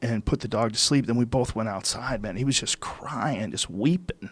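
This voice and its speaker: A middle-aged man, a podcast host, telling casual stories in a relaxed, swearing conversational manner. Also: mid-range voice, moderate pace, husky, dry recording. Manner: casual storytelling, heavy swearing.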